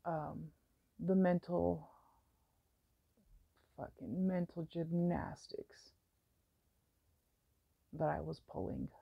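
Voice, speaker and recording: A woman's voice: lowish voice, gravelly, slightly rough, no echo. A woman in her thirties telling her own story in a candid, meandering way, with lots of fillers. It comes through a dull, lo-fi recording. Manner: frank and meandering, with many fillers.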